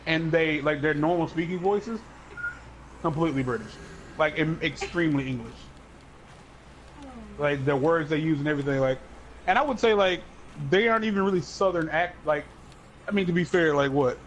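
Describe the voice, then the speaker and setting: A man's voice: on the high side, moderate pace, pauses often, slight background noise, low-quality recording. A man co-hosting a casual chat, rambling and joking with many fillers. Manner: rambling, filler-heavy, jokey. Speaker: podcast co-host.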